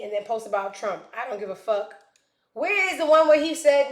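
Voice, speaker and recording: A woman hosts a casual commentary show, speaking bluntly and sarcastically with plenty of profanity. Her voice is fairly high and expressive, and she talks a little fast. The room sounds echoey.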